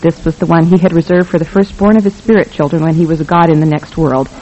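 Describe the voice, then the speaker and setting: A narrator reads a novel aloud with a wry, even delivery at a middle pitch. The recording is dull and lo-fi. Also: fast. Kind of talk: scripted audiobook narration.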